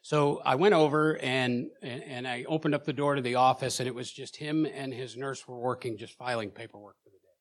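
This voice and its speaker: A man preaching in a church, telling his own story with emotion, at times loud and at times hushed, often repeating words as he presses on. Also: medium pitch, fairly even intonation, a little fast. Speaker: preacher sharing a personal testimony. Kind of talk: sermon testimony.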